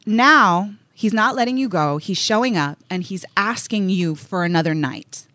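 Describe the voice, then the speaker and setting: A woman hosting a podcast, asking pointed questions and getting worked up into an animated rant. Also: medium pitch, normal speed, no echo. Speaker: podcast host. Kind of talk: podcast chat.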